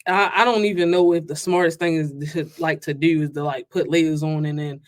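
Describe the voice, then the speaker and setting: A woman's voice: low voice, steady tone. A woman co-hosting a reaction video, chatting casually, blunt and slangy, drawing out her points. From Baltimore. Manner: blunt, slangy, drawn-out emphasis.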